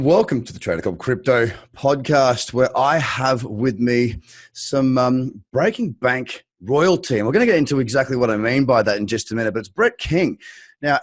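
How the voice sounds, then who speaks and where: A man's voice: medium pitch, dry recording, studio quality. A man with an Australian accent hosting a podcast interview, chatty and upbeat as he speaks straight to his listeners. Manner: chatty and upbeat, addresses the audience directly. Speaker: podcast host.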